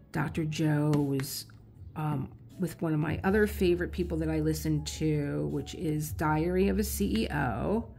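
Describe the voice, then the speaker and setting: Low gravelly middle-aged woman chatting. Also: warm tone, slight background noise. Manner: rambling, chatty storytelling with small laughs. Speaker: artist and channel host. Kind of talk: casual chat while working on a craft project.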